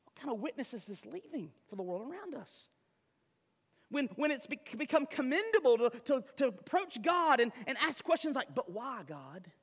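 In a big, reverberant hall, a pastor's high voice rings out as he preaches a sermon. He's animated and speaks at an ordinary speed, with conversational emphasis and many side remarks.

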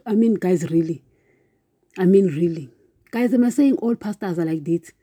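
A woman's voice: fairly low pitch, lively intonation, moderate pace, mellow, breathy edge, dry recording, studio quality. A woman giving an informal devotional talk for a podcast, preaching with passion, repeating herself and calling her listeners "guys". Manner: impassioned, repetitive, keeps calling listeners "guys".

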